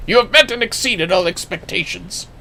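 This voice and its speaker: A man's voice: high voice, normal speed, creaky, pushed and bright, slight background noise, full character voice. A man reading the lines of an aging male warrior guild master in formal, old-fashioned speech. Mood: rueful.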